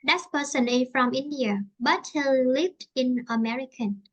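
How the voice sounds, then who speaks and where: A woman with a Vietnamese accent leads an online English lesson, her voice pitched high. She explains slowly in simple words and often repeats herself so learners can follow. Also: a bit bright, lo-fi sound. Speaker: English teacher.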